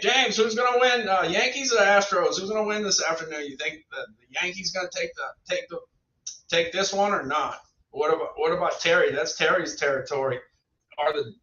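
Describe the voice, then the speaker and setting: Heard through a roomy, distant, dull lo-fi recording with slight background noise, a middle-aged man reviews products on a casual livestream. His voice is a little high with a sharp tone, and he rambles to viewers, repeating his phrases.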